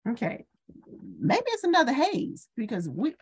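Woman chatting on a faith podcast, high-ish voice that swings all over, acts out bits of her stories. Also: normal speed, breathy edge. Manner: animated storyteller, acts out voices. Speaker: podcast co-host. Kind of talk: casual faith talk.

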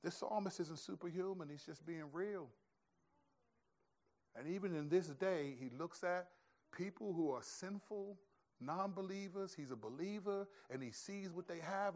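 A pastor preaching a sermon in an animated, conversational storytelling way. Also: male voice, sits high, measured pace.

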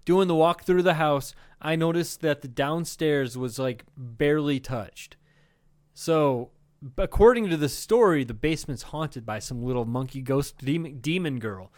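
A man's voice: fairly high pitch, expressive, a little slow. A man co-hosting a casual comedy podcast, swearing freely, laughing often and dropping into silly voices. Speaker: podcast co-host.

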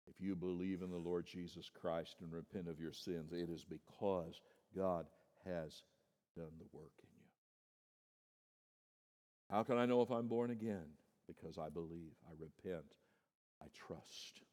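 Man preaching in a reverberant church. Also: normal speed. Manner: swings from soft and low to loud, high-pitched preaching; addresses listeners as "my friend". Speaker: pastor. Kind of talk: sermon. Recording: long hall reverb.

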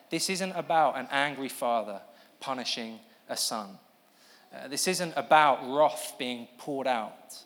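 A man's voice: medium pitch, fairly bright tone. A man giving a sermon to a live audience, explaining earnestly and breaking off to ask for the next slide. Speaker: preacher. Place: church hall with an audience. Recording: long hall reverb.

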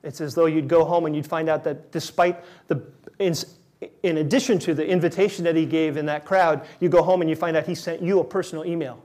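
Male pastor, slightly high voice, relaxed conversational sermon delivery with emphatic repetition. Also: a little fast. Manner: conversational, emphatic preaching with repeated words.

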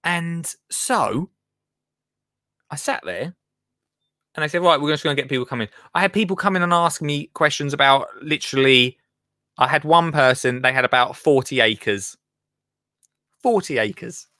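A man's voice: a little high, moderate pace, long pauses, pushed and bright, no echo, studio quality. A man from England hosting a live show, chatting casually and rambling as he reads out listener comments, laughing often and trailing off into mutters. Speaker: radio show host.

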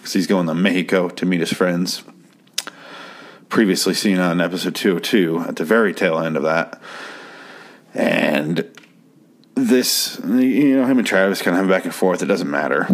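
A man's voice: low voice, normal speed, long pauses. A man recapping a TV episode in a rambling, sarcastic way, swearing freely. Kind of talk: casual profane recap.

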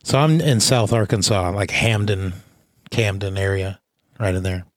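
A hoarse man hosting a casual chat who tells stories and restarts his sentences often. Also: low voice, a little slow, dry recording, clean studio sound. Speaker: podcast host.

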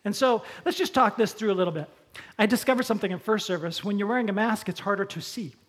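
A pastor preaching a sermon in a conversational way, using props and slowing down for emphasis. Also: medium pitch.

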